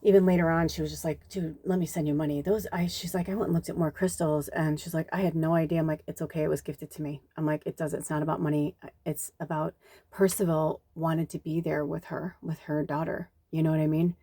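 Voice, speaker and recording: A woman's voice: sits low, level tone, a little fast, dark tone, slightly rough, dry recording. A woman, a spiritual medium, chatting casually and rambling through a personal story, acting out the people she quotes. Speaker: spiritual medium and card reader.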